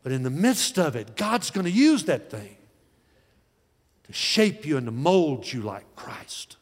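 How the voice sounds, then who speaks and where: A man's voice: a little high, sing-song. Folksy man preaching in a reverberant hall. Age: 40s or older. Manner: folksy preaching that swings between soft, slow lines and loud, rising calls. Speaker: pastor. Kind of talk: sermon.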